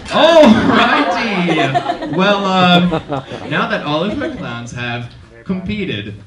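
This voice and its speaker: A man's voice: sits high, animated, slow, over a noisy crowd. A man hosting a live comedy show on a theater stage, playful and exaggerated, laughing often. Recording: roomy sound from far off, loud music.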